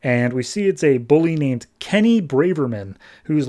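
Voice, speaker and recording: A man's voice: fairly high pitch, lively intonation, moderate pace, mellow. A man hosting a podcast, chatting casually as he recaps a comic book. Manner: chatty, conversational. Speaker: podcast host.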